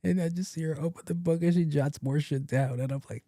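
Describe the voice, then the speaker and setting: A man's voice: fairly high pitch, a little fast, few pauses, mellow, no room sound, clean studio sound. Laughing man telling a story. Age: 30s. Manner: acts out both sides of conversations, laughs often, swears casually. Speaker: podcast host. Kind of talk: solo comedic storytelling.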